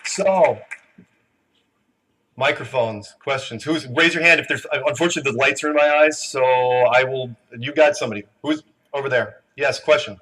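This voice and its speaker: Bright-voiced man addressing a big crowd. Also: medium pitch, normal speed, husky. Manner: chatty, emotional, with stumbling restarts and laughs. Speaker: conference speaker taking audience questions. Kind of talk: live talk to a large audience. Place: large conference room.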